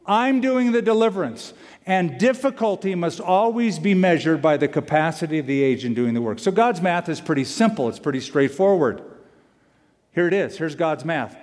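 A male pastor preaching a sermon, animated and emphatic, repeating key lines for weight. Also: fairly high pitch, normal speed. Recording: long hall reverb.

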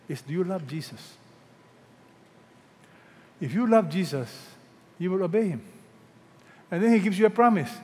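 A man preaching a sermon, asking the congregation questions and swinging between loud emphatic peaks and hushed, drawn-out quotes. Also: on the high side. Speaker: pastor. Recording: hall reverb.

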